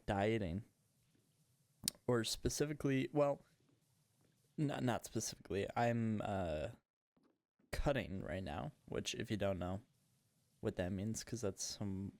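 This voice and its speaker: A man's voice: lowish voice, darkish tone, no room sound. A man hosting a casual gaming podcast, chatting in a rambling, self-mocking way while he plays. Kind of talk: casual chat while playing a game.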